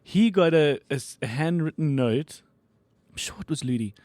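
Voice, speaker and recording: A man with a fairly high voice chats casually as a podcast host, jumping up in pitch as he tells his stories. The sound is dry and close, with no room around it. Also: no room sound. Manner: animated storyteller with quick pitch jumps. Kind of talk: casual chat.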